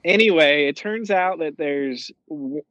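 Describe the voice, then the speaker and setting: A man's voice: on the high side, unhurried, fairly bright tone, no room sound, faint music behind, poor audio. A young man telling a long, rambling story in casual chat, swearing and using lots of fillers.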